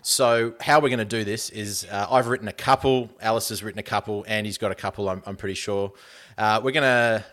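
A man with an Australian accent, co-hosting a podcast and introducing segments in a relaxed, jokey way. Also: lowish voice, brisk. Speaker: podcast co-host. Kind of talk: casual podcast chat.

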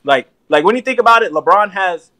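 A man co-hosting casual sports banter, telling stories in an animated, profane way and saying "bro" a lot. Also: sits high, fairly quick. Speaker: podcast co-host.

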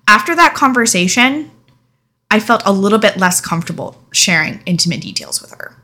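Young woman, storytime vlogger, bright tense voice, frank and emotional. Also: medium pitch, very animated, fairly quick. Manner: frank, emotional, casual swearing. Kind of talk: candid storytime vlog.

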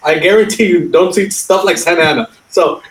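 A man on a discussion panel telling a story in a quick, chatty way, mixing Spanish phrases into his English. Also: sits high, reverberant, low-quality recording. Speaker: panel guest.

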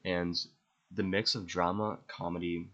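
A man's voice: deep voice, level tone, measured pace, fairly bright tone, lo-fi sound. A young man hosting a podcast, rambling enthusiastically through his favorite movies and swearing freely. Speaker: podcast host. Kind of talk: casual movie ranking monologue.

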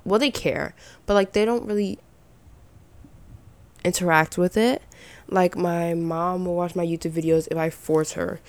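A young woman hosting her own podcast, chatting loosely with lots of "like" and side thoughts, in a slightly raspy voice. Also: on the low side, dry recording. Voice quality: slight rasp. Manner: rambling, chatty, with filler 'like' and self-doubting asides. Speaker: podcast host. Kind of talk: casual solo podcast chat.

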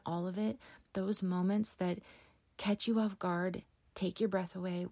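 Gravelly earnest woman podcaster. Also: on the low side, warm tone, no echo. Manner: earnest, emotional, with many restarts. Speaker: podcast host. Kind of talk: personal testimony podcast.

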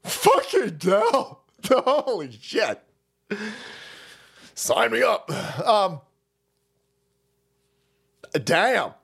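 A man's voice: high voice, huge pitch swings, very slow, creaky, pauses often, fairly bright tone, breathy edge. A male streamer giving crude, mocking, profane ranting commentary, laughing often.

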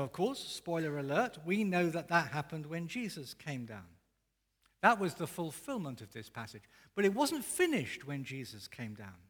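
A male pastor preaching in a fairly high, lively voice that swings up and down with emphasis. His words ring out with a long echo, as in a large church hall. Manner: expressive, emphatic preaching with rising and falling intensity. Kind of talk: sermon.

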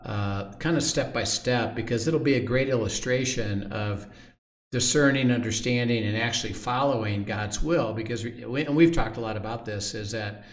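A man's voice: mid-range voice, normal speed, echoey room. A male host asking his guests to share a story, hesitant and full of fillers. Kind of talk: casual interview.

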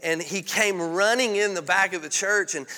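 Bright-voiced pastor preaching candidly. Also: male voice, high-pitched, moderate pace, long reverb tail. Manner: candid, conversational storytelling. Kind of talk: sermon.

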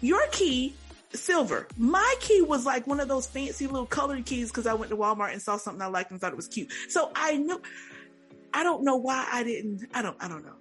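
Lively woman co-host telling a story. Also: high voice, a little fast, faint music behind. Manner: animated, laughing, exclaiming, talks to listeners as "y'all". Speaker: podcast co-host. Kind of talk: casual chat, storytelling.

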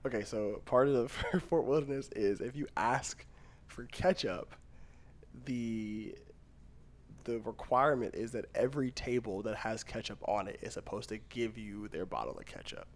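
Speaking at a normal speed in a mid-range voice, a young man co-hosts a podcast. The casual chat is rambling and loose, packed with fillers and frequent laughs.

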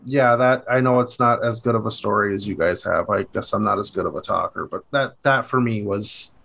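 A man from Minnesota co-hosting a podcast, telling crude stories in an animated way and laughing often. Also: lowish voice, a little fast, gravelly. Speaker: podcast co-host. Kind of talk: casual chat.

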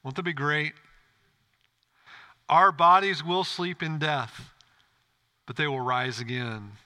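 Bright-voiced man preaching a sermon. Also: a little high, slow pace. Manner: earnest preaching with rhetorical questions to the congregation. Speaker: pastor. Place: church.

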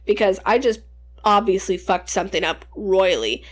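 A woman's voice: mid-range voice, expressive, normal speed. A woman in her twenties telling rambling, profane childhood stories in casual podcast chat. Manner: rambling, profane, laughing storyteller. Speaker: podcast co-host.

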